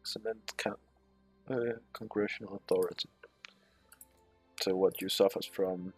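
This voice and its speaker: Brief: a low, husky male let's player who reads game text aloud and swears under his breath, with faint music behind. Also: steady tone, measured pace, pauses often, a little mellow. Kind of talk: casual gameplay commentary.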